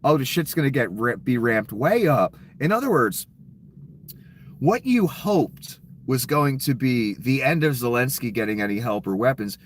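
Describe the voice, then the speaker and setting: A man's voice: mid-range voice, very animated, moderate pace, slight background noise. A man delivering an angry, profane political rant. He is scornful and sarcastic, and he stops to read headlines aloud. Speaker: political commentator.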